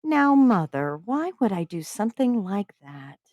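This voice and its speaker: A woman's voice: mid-range voice, sing-song, normal speed, dry recording, voice pushed up. A woman reading aloud as a defiant young woman who answers her mother in mock innocence. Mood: mock-innocent. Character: defiant sarcastic young woman, rebellious daughter.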